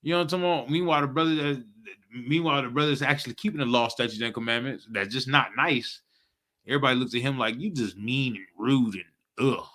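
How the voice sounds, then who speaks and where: A young man teaching a live-streamed scripture class, talking in animated street slang and often asking "you know what I'm talking about". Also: medium pitch, fast talker. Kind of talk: casual slangy preaching commentary.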